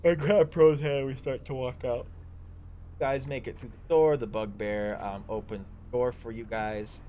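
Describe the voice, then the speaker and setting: A man narrating a tabletop game livestream as dungeon master, improvising in a halting way. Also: mid-range voice, steady tone, mellow.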